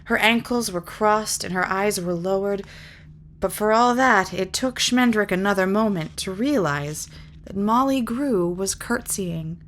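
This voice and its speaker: A woman reading a fantasy novel aloud in measured, lyrical narration. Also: mid-range voice, a bit bright, a little hiss or hum. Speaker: reader. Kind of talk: audiobook narration.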